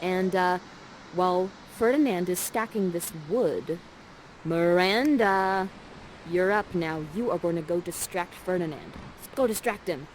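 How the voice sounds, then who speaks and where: This immersive theater performer has a fairly low voice and an unhurried delivery as she jokingly coaxes and guides players through a live play. She narrates on a headset mic, and the rough recording carries a bit of hiss or hum.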